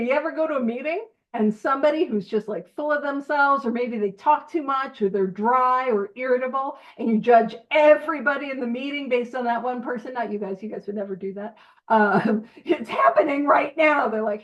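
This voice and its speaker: Animated, high-voiced woman leading a study. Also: normal speed. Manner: animated, playful, self-deprecating asides. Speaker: Big Book study leader. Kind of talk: informal recovery-group teaching. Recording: slightly muffled audio.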